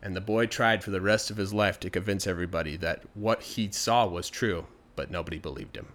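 A man telling a folktale in a chatty, animated storytelling style. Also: sits low, brisk. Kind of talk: casual storytelling.

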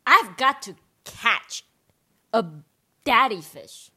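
A woman reading a determined young girl's lines aloud from a children's story, slow and emphatic. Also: fairly high pitch, animated, sharp tone, husky, heavily acted. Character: determined young girl out ice fishing.

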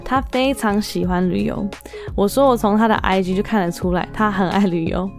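Woman, podcast host, voice-over narration, steady, explanatory, mid pitch, faint music. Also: a little fast.

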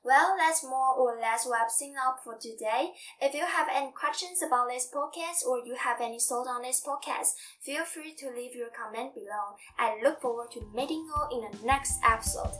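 A woman teaching a podcast language lesson, explaining carefully and slowing down to model example sentences. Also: high voice, fairly bright tone, recorded from a distance, rough recording.

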